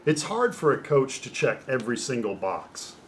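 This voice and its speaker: A middle-aged man, a former ballplayer, telling stories from his career in a lively, casual interview. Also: mid-range voice, moderate pace, a little hiss or hum. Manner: animated storyteller who acts out quoted voices. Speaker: guest, former baseball pitcher.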